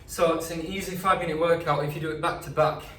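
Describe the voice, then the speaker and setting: Fast-talking and a little high, this coach has a sharp tone and fairly even intonation as he leads a home leg workout, casual and motivating, ending out of breath. The recording has some hiss or hum, comes from a distant mic, and sounds echoey.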